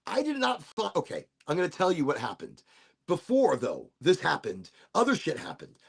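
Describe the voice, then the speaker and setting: A man's voice: a little high, gravelly, husky. A middle-aged man hosting a podcast, rambling casually through a travel story with frequent swearing and restarts. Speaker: podcast host.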